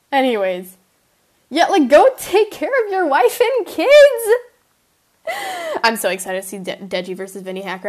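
A young woman hosting a podcast, chatting casually in a giggly, gushing way with many fillers and apologies. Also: medium pitch. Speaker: podcast host. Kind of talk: casual chat.

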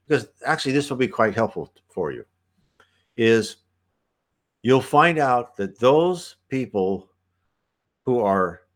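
A man hosting a talk that answers viewer questions, speaking in a relaxed, rambling way, restarting sentences and clearing his throat. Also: mid-range voice, slow, long pauses. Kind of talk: casual spoken advice talk.

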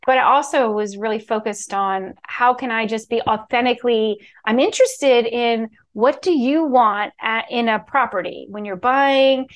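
A middle-aged woman from Key West, a real estate executive telling stories in a bubbly, animated way as a podcast guest. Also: a little high, normal speed, few pauses. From Key West, Florida. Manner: bubbly, animated, acts out quoted voices. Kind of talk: casual storytelling interview.

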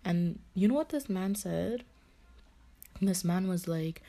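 A woman's voice: mid-range voice, measured pace, gravelly, dark tone. A young woman giving casual relationship advice, blunt, swearing often, and padding her talk with fillers.

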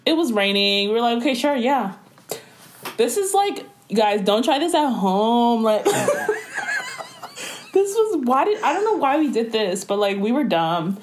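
A woman's voice: on the high side, huge pitch swings, measured pace, slight background noise. A young woman in casual chat, telling stories in a slangy, laughing way.

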